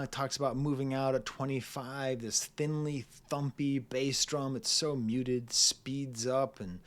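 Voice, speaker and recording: A man's voice: mid-range voice, bright, forceful tone. A man hosting his own record review channel, talking casually through an album with rambling, digressive asides and frequent laughter. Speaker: music reviewer, channel host.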